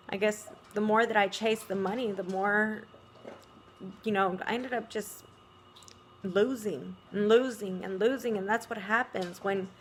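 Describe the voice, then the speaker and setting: A middle-aged woman speaks in a gentle, musing way. She fills her talk with "you know" and soft little laughs. Her pitch sits in an ordinary middle range. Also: a little hiss or hum. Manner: reflective, soft-spoken, many "you know"s and small laughs. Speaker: vlogger. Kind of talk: casual spiritual monologue.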